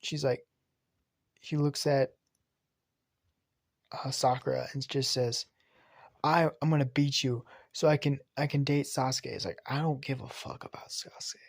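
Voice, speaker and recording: A man casually retelling an anime fan story, rambling and excitable, swearing and restarting often. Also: medium pitch, measured pace, vocal fry, long pauses, no echo, studio quality.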